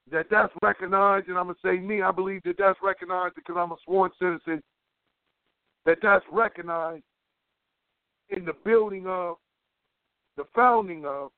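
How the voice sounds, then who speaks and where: A man's voice: high voice, no echo. A man giving an impassioned political talk as an organizer, emphatic and preachy, repeating phrases for weight. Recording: tinny phone line, dry.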